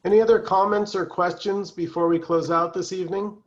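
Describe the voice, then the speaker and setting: Calm man leading a spiritual talk. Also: high-pitched, a little fast, lo-fi sound. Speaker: satsang teacher. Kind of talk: spiritual talk on a video call.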